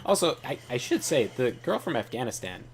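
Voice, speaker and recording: A man's voice: mid-range voice, big pitch swings, a little fast, faint music behind. A man hosting a gaming channel, telling rambling, offhand stories while he plays. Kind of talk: casual gaming commentary.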